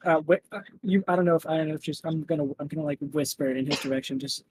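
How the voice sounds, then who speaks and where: A man's voice: fairly high pitch, quick pace, darkish tone, slightly rough, no room sound, rough recording. A man playing a tabletop game who asks questions and pleads in a hesitant way. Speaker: player. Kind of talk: tabletop play.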